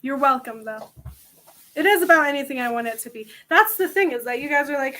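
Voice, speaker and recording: Young woman hosting a panel, high bright voice, rambly and self-mocking, super casual. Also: lively intonation, brisk. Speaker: convention panel host. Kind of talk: casual chat to an audience.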